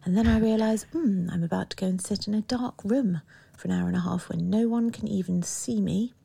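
A woman's voice: medium pitch, brisk, gravelly, dark tone, slightly rough. A woman voicing a chirpy, self-mocking version of herself in a put-on Geordie accent for a diary voice note. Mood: wry.

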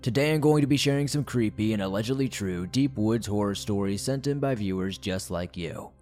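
A man hosting a horror story show, narrating listener-submitted stories in a measured way. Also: on the low side, a little mellow, soft background music.

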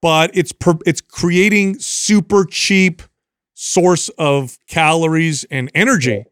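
A young man hosts a casual podcast, telling stories with animated energy and an easy, profane edge. His voice sits a little high for a man. He is close-miked in a dry, dead room. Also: slow, smooth, no room sound. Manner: animated storyteller, swears casually. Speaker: podcast host.

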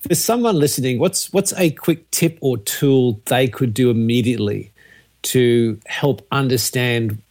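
A man's voice: mid-range voice, a little slow, a little mellow. A man hosting a podcast, asking earnest, repeated questions. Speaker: podcast host. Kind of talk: interview questions.

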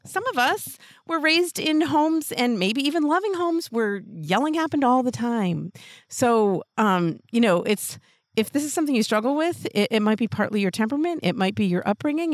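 A woman hosting a parenting show, giving earnest, gentle advice in a casual way and laughing lightly between thoughts. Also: a little high, lively intonation, moderate pace, dry recording, clean studio sound. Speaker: parenting podcast host.

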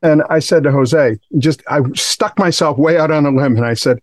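A man's voice: a little high, normal speed, dry recording. A middle-aged man from Massachusetts telling stories as a guest in a casual podcast interview, in a rambling, self-deprecating way. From Massachusetts, USA. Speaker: guest, recording engineer.

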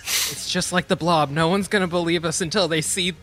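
A man's voice: fairly high pitch, fairly even intonation, fairly quick, heavy background noise. A man playing a tabletop game, chatty and thinking aloud about his character's moves. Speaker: player.

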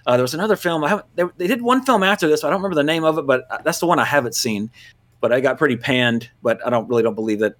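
A man's voice: on the high side, expressive, very fast, a bit bright. A man from Louisiana, hosting a movie podcast in loose casual chat, full of fillers and self-corrections. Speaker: podcast host.

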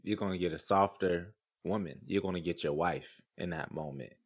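A man's voice: deep voice, moderate pace. A man co-hosting a podcast, joking and laid-back in casual chat. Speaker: podcast co-host.

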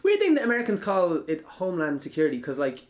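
Fast-talking Irish man hosting. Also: sits high, huge pitch swings. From Ireland. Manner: fast, joking, swears casually. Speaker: podcast host. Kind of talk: casual chat.

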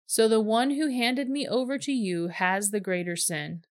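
A woman reading the lines of a calm, steady teacher in a scripture reading, measured and even. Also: a little high, dry recording, clean studio sound, close to an everyday voice. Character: calm teacher, grown man, steady and certain.

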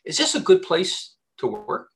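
A man, a headhunter, giving job-hunting advice in a casual interview, talking in an animated way with many restarts. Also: unhurried. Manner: animated, chatty, many restarts and repeated words.

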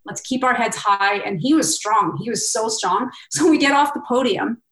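Animated woman telling a story in a roomy space. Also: medium pitch. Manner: animated, quotes herself and others in lively asides. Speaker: guest. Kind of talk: interview storytelling.

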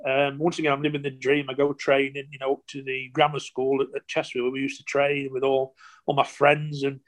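A man in his sixties, a former footballer, telling stories casually in an interview, animated and rambling with lots of "you know" and restarts. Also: fairly high pitch. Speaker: former professional footballer, guest.

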